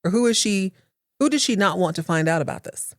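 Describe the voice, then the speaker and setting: A woman voicing a calm young male lawyer questioning his father in court, measured and persuasive. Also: mid-range voice, dry recording, clean studio sound, lightly acted.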